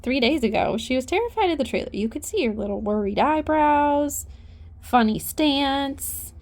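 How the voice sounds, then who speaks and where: A woman's voice: high voice, expressive, normal speed. A woman horse trainer giving casual instruction, chatty and coaxing as she talks to her horse.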